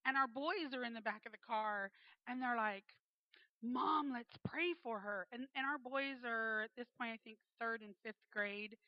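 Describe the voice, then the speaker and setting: Woman, 40s, earnest testimony teller, a bit high, muffled dry audio. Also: normal speed, no room sound. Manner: earnest, acts out quoted voices. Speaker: speaker giving a faith testimony. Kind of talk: personal testimony storytelling. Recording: dull, slightly muffled dry sound.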